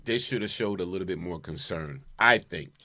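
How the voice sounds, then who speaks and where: A man's voice: sits low, moderate pace, bright, forceful tone. A man hosting a talk radio show, chatting casually and laughing between remarks.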